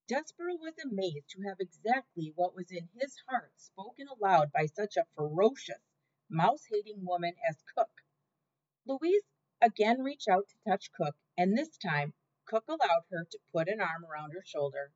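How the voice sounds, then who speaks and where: Expressive woman narrating a storybook. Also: mid-range voice, normal speed. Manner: expressive, dramatic reading. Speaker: audiobook narrator. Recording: dull lo-fi audio.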